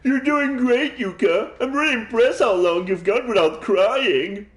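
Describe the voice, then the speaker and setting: A man's voice: extremely high pitch, a little slow, voice pushed up. A man voicing a protective teenage schoolboy, earnest and reassuring, reading game dialogue. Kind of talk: game dialogue read aloud.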